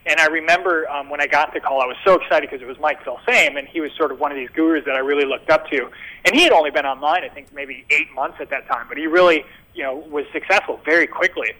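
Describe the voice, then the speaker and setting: A man's voice: a little high, low-quality recording. A man, a guest in an interview, telling a story in a casual, rambling way with many fillers and restarts, and acting out the dialogue he quotes. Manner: animated, acts out quoted dialogue.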